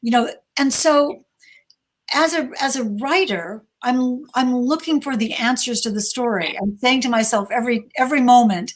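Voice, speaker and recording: A woman's voice: a little high, normal speed. A woman speaking as an author and former reporter on a video-call panel, telling her story in an earnest, curious way. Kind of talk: casual panel discussion.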